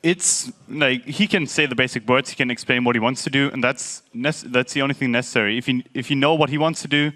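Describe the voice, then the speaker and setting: A man's voice: mid-range voice, fairly quick, few pauses, bright, forceful tone. A man answering post-match interview questions as a pro gamer, explaining strategy in a methodical, hesitant way.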